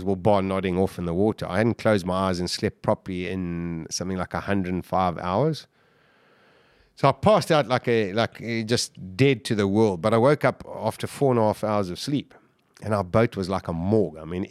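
Brief: low-voiced male guest, intense storyteller, stumbles and restarts, dry close mic. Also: dry recording. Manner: intense, halting with repeated restarts. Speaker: podcast guest. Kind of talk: emotional storytelling interview.

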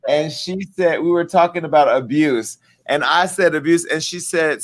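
A man with a slightly higher voice hosts a casual call-in show. He jokes loosely with his co-host and keeps the callers moving. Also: normal speed, hardly any pauses, a bit bright. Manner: loose, joking, directs callers.

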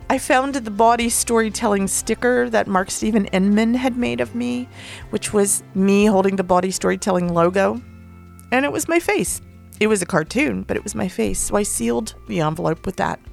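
A woman's voice: mid-range voice, creaky. A woman podcast host telling a personal story in a candid, rambling, openly emotional way, swearing casually.

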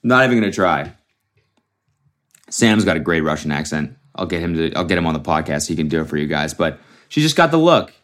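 A man's voice: rumbling low, sing-song, brisk, fairly bright tone. A young man hosting a solo comedy podcast, rambling and swearing freely, often restarting his sentences. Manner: rambling and profane, with frequent restarts. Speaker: podcast host.

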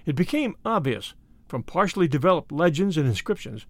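A man narrating a classic short story in a measured, expressive audiobook reading. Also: fairly high pitch, no room sound.

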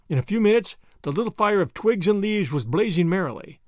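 A male audiobook narrator telling the story in a measured way, his fairly high voice moving with lively rises and falls. The sound is close and dry, with no trace of the room. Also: no echo. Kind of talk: scripted narration.

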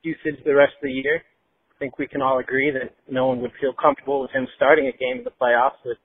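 A man leaves an earnest, measured voicemail with a question. His pitch sits in the middle. The sound is thin and phone-like, and dry. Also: level tone, breathy edge, no room sound. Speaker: caller leaving a voicemail. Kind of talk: voicemail message.

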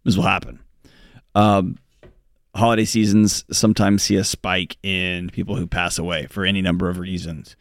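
A man's voice: deep voice, level tone, moderate pace, dry recording. Earnest man, dry studio voice. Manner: earnest, pleading, joking asides. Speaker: co-host giving advice. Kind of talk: radio call-in advice talk.

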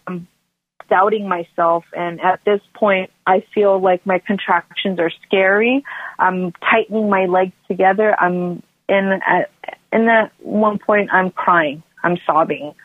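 Female guest, conversational storyteller, loose and rambling, mid-range pitch, phone-quality sound. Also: steady tone, takes it slowly, no room sound. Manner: rambling, with frequent restarts and "like" fillers. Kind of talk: personal storytelling. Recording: tinny phone line, dry.

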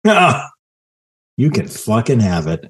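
A man hosting a podcast in casual chat, with a teasing, deadpan sarcastic manner. His voice swings widely in pitch as he jokes. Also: takes it slowly. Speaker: podcast host.

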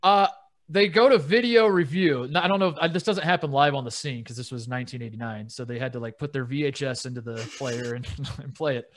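A man's voice: medium pitch, fast talker, a bit bright, slight background noise. A man co-hosting a sports podcast, telling stories in a rambling, casual way with frequent laughs. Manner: rambling storyteller, laughs often. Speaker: podcast co-host.

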